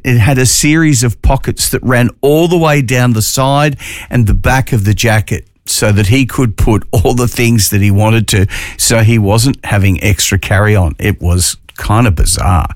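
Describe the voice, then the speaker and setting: A man's voice: medium pitch, no echo. A man with an Australian accent, hosting a casual talk radio show in a studio, chatting and telling corny jokes. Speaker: radio host.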